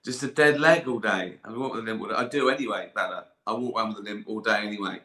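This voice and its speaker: A man's voice: fairly low pitch, quick pace, pushed and bright. Sweary older man in an echoey room. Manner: sweary, rambling, laughs often. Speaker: comedian on a live stream. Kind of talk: casual chat.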